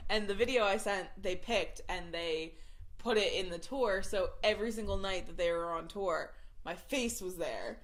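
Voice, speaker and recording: A woman podcast host telling a story in casual chat, animated and swearing freely, with lots of "like". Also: mid-range voice, moderate pace.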